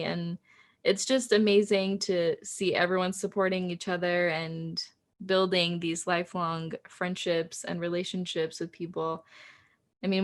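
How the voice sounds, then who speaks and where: A woman court reporter chatting casually, giggling often and retelling stories with animation. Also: on the low side. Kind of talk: casual chat.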